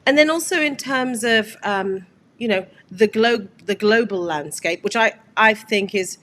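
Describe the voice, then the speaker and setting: A woman's voice: mid-range voice, unhurried, fairly bright tone. A woman hosting a live interview, talking in a conversational, upbeat way. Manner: conversational, upbeat, many fillers. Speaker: host, executive producer.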